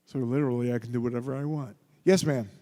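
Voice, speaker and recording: Man from philadelphia, mellow voice, rambling jokey stories, long hall reverb. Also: medium pitch, fairly even intonation, fast. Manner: rambling, joking anecdotes with laughs. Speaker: convention guest actor. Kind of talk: convention panel Q&A storytelling. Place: convention panel room.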